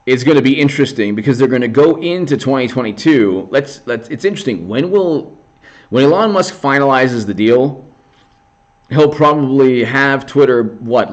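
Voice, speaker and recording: Rambling sarcastic male commentator. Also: mid-range voice. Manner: rambling, sarcastic, restarting often. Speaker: political commentator. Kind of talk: casual livestream commentary.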